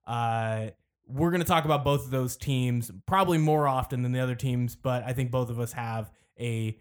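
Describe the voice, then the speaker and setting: A man's voice: mid-range voice, normal speed. A man hosting a sports podcast, chatting casually and loosely, with plenty of fillers and restarts. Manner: relaxed, rambling with fillers and restarts. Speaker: podcast host.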